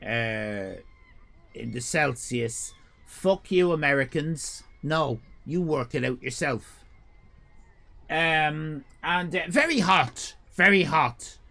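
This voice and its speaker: A man's voice: on the high side, slow pace, gravelly, pushed and bright. A man telling a rambling, profane comic story on a livestream, full of fillers and restarts. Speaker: streamer.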